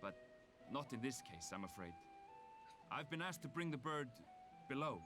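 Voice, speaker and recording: Male gleaner with an Icelandic accent, measured, game character, music under. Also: mid-range voice, sing-song, sharp tone. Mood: explaining. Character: calm male Viera gleaner, polite.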